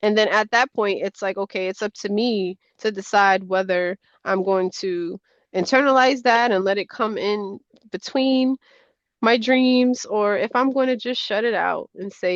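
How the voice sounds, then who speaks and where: Chatty animated woman, muffled dry audio. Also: dry recording. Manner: animated, rambling, quick pitch jumps. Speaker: tarot deck creator, guest. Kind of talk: casual chat.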